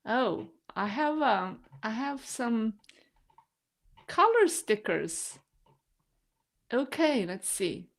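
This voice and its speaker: A woman with a somewhat high voice chats slowly and unhurriedly on her live stream, laughing often. She is a non-native English speaker who pokes fun at her own mistakes. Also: sing-song, gravelly. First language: not English. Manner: chatty, laughs often, self-deprecating. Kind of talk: casual live-stream chat.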